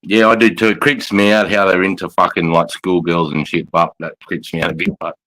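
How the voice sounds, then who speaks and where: A man's voice: low-pitched, little pitch movement, a little fast, sharp tone, low-quality recording. An Australian man and army veteran in casual chat from his lounge room, blunt and heavily profane, calling everyone mate.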